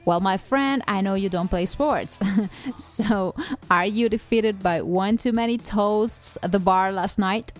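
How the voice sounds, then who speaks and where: A woman's voice: mid-range voice, slow. A woman hosting a podcast, reading a scripted English-lesson dialogue in a cheerful, teasing way and laughing often. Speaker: podcast host.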